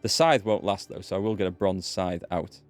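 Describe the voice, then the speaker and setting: Chatty low-voiced gamer. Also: male voice, brisk, soft background music. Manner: chatty, rambling, wry asides. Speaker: let's play gamer. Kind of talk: casual gameplay commentary.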